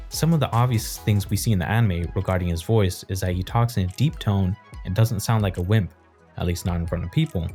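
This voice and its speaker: A man calmly explaining his points in an analytical video essay. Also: fairly low pitch.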